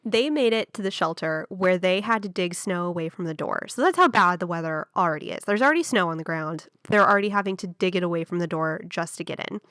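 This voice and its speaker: A woman's voice: fairly low pitch, lively intonation, fast talker, few pauses, a bit bright, dry recording, clean studio sound. A young woman casually telling a true story on a podcast, chatty and full of fillers.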